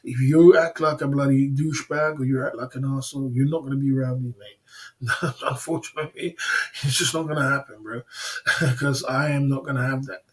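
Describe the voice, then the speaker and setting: A man's voice: medium pitch, steady tone, brisk. A man hosting a livestream, ranting defiantly in casual chat, often laughing and repeating "you know what I mean". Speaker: livestream host.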